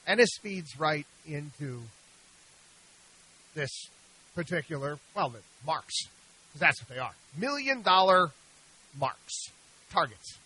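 This middle-aged investment advisor hosts a studio radio talk show, arguing with animated exasperation in a high, bright voice with a breathy edge. He goes slowly, leaves long pauses, and keeps stumbling, repeating, and restarting sentences. It's a rough recording, close and dry with no room sound.

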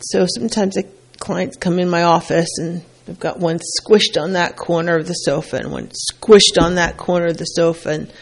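A woman's voice: fairly low pitch, fairly even intonation, moderate pace, creaky, slightly rough. A woman working as a couples therapist, giving relationship advice in a plainspoken, conversational way and repeating key points for emphasis.

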